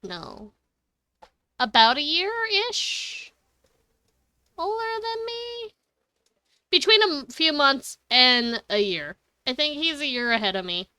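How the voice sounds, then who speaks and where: A woman's voice: sits high, very animated, slow, long pauses, pushed and bright, no echo. A young woman streaming a game, chatting casually, giggling and swearing freely as she rambles and corrects herself. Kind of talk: casual live-stream chat.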